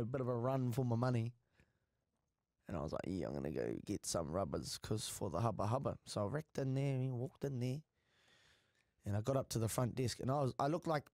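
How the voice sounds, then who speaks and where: A young man with a New Zealand accent, co-hosting a podcast and telling stories in a crude, slangy, animated way. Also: medium pitch, dry recording, studio quality. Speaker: podcast co-host. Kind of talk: casual podcast chat.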